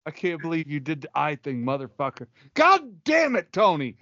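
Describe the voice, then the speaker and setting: Exasperated high-voiced man, lively pitch. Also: normal speed, no echo, dull audio. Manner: exasperated, swearing scolding. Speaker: podcast co-host. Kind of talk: casual comedic chat.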